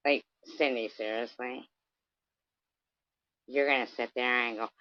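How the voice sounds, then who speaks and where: A woman's voice: extremely low pitch, fairly even intonation, unhurried, long pauses, no echo. A woman rants into her camera, confrontational and cursing freely, at times slipping into mockery. Her voice sits in a middle register and sounds dry and close, with no room around it. The recording is dull and lo-fi, as from a simple home setup. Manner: confrontational, profane, mocking. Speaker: vlogger. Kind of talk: angry livestream rant.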